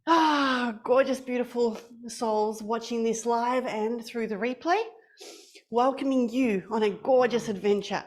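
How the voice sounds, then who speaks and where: Unhurried and playful, a young woman with a high, bright voice runs an online class for kids, telling them a story in the lively, sing-song manner of a webcam teacher.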